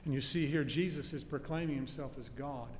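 A man preaching an expository sermon, teaching earnestly with emphatic stresses and homely anecdotes. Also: fairly quick. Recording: long hall reverb with faint low rumble.

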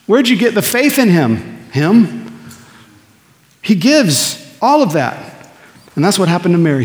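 A pastor preaching an earnest sermon, asking the congregation questions and answering them himself. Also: male voice, a little high. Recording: long reverb of a large hall.

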